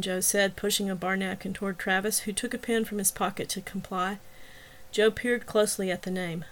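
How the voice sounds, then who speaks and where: A woman reads a novel aloud in a measured, even voice. Her pitch sits in a middle range. She narrates steadily. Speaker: audiobook narrator. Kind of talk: scripted narration.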